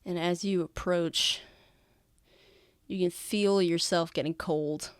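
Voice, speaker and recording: A woman's voice: lowish voice, fairly even intonation, slow pace, clean tone, dry recording, clean studio sound. A woman narrating a tabletop game as game master, describing scenes with many fillers.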